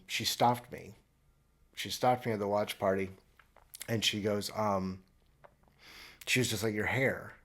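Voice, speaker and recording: Podcast host, thirties, deadpan and sarcastic, restarts a lot, lowish voice. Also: male voice. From Florida. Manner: rambling with restarts, mock-earnest. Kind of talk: solo comedic monologue. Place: traveling abroad, recording alone.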